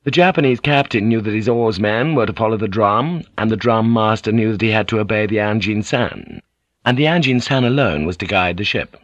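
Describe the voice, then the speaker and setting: A man reading an audiobook in a steady, measured narration. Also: fairly low pitch, no room sound, highs cut off. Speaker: audiobook reader. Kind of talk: scripted narration.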